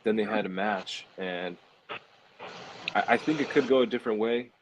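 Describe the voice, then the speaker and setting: A man with a fairly low voice talks as a guest on a casual show. He weighs things up slowly and hedges, with plenty of "um"s. Faint noise sits behind him. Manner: measured, hedging analysis with many "um"s. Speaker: armwrestler guest. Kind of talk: casual chat.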